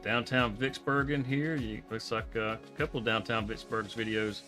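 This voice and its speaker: Laid-back Southern man, bright voice. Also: lowish voice, steady tone, moderate pace, soft background music. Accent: Southern US (Georgia). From Southeast Georgia, US. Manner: laid-back, chuckling, rambling with fillers. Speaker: streamer host. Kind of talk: casual live-stream gaming chat.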